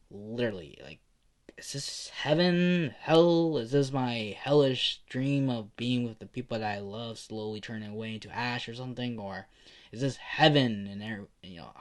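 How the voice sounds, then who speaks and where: A man voicing a grim, tired soldier who speaks low and mutters, sometimes in a whisper. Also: natural voice.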